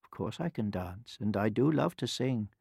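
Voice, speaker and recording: A man voicing a gentle old woman who speaks softly and quietly. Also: expressive, moderate pace, gravelly, slightly rough, no echo, clean studio sound, full character voice. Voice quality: hushed, soft and low. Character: gentle soft-spoken old woman visitor.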